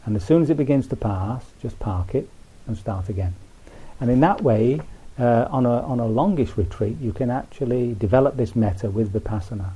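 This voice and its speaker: A man giving an unhurried, folksy meditation talk to a retreat group, full of asides like "you see". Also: mid-range voice, warm tone, slightly rough, muffled recording. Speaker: Buddhist meditation teacher. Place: retreat centre.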